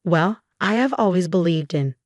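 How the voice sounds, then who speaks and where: Self-important older woman, boastful, low dry read, narrated story, as a woman puts her on. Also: animated, normal speed, no room sound, natural voice. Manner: boastful, then flustered. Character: vain, self-important older mother-in-law.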